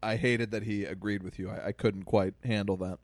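A man's voice: lowish voice, steady tone, brisk, no room sound. A man hosting a casual podcast, teasing and joking with his guest. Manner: wry, teasing, short interjections. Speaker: podcast host. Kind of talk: casual chat.

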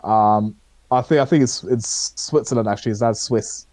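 A man's voice: on the low side, moderate pace, a little mellow, dry recording. A man co-hosting a podcast, chatting casually about shows he watched, rambling and hesitant with many fillers. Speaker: podcast co-host. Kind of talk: casual chat reviewing shows.

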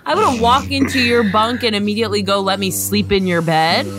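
A woman's voice: mid-range voice, a little fast. A woman in an improv comedy scene who plays a bossy, exasperated yoga instructor and swears.

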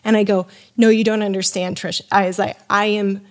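A woman's voice: medium pitch, fairly quick. A woman guest on a podcast, telling a story in casual chat, acting out the voices of the people in it and filling her talk with "you know" and "like". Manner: animated, acts out quoted dialogue; loose, full of fillers like "you know" and "like". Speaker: podcast guest, wine sommelier.

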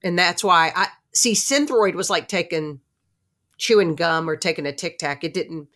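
A woman in her late fifties from Newark with a New Jersey accent, hosting a casual podcast conversation and telling her stories in an outspoken, animated way. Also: fairly low pitch, moderate pace. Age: late 50s. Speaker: host.

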